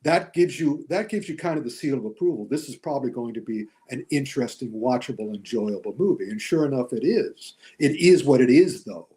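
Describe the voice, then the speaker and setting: A man chatting as a guest on a movie discussion show, animated and chuckling as he tells his opinions. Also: mid-range voice, a little fast, hardly any pauses. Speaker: guest film critic and author.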